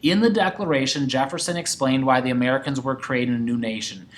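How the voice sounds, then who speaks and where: A man's voice: mid-range voice, fast. A man teaching a sixth-grade history lesson, talking to his class and acting out quoted voices. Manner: animated, acts out quoted voices.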